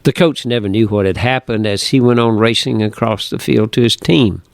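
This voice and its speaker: A man reading a story from his own book aloud in an earnest, measured way. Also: on the low side, vocal fry, no room sound. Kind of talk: reading narration.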